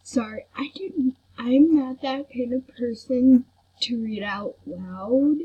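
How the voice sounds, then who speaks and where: A young woman giving casual gameplay commentary, excitable and fawning over what she sees, in a soft, breathy voice. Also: on the high side, slow pace. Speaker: gamer. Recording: dull lo-fi home recording.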